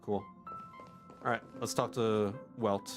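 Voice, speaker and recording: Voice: mid-range voice, steady tone, slow pace, faint music behind. A game streamer reacting casually and animatedly to a story game, often laughing. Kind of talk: livestream gameplay commentary.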